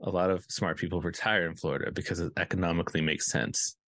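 A man co-hosting a casual podcast, playful and chatty, with rambling asides and loud laughter. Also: sits low, steady tone, fast talker, no echo. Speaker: podcast co-host. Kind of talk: casual chat.

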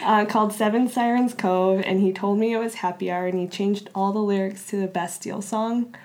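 A woman's voice: mid-range voice, steady tone, brisk, a little mellow. Chatty woman telling a personal story. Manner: chatty, frequent "like" fillers and restarts. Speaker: interview guest. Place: Los Angeles area.

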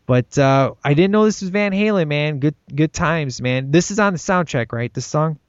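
A man's voice: on the high side, expressive, normal speed, clean tone, dry recording. A man chatting casually about a film he loves, enthusiastic and rambling, often tacking "man" onto his sentences. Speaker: podcast co-host discussing a film. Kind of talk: casual chat. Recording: dull dry lo-fi recording.

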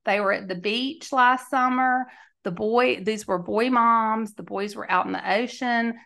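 Woman, forties, gravelly voice, slightly high, chatty podcast host. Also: steady tone, measured pace, a bit bright. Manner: chatty, emphatic, laughs mid-sentence. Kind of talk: candid storytelling monologue.

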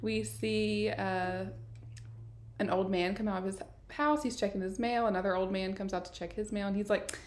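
A woman's voice: mid-range voice, fairly even intonation, normal speed, roomy sound. A woman co-hosting a podcast, casually retelling an episode and acting out the characters' lines with frequent laughter. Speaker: podcast co-host recapping an episode. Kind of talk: casual chat.

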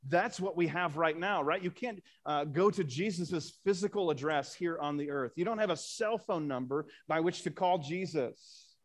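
Man preaching a sermon, fairly high voice. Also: moderate pace, few pauses. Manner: reads scripture aloud, rising for emphasis; asks the congregation rhetorical questions. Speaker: pastor.

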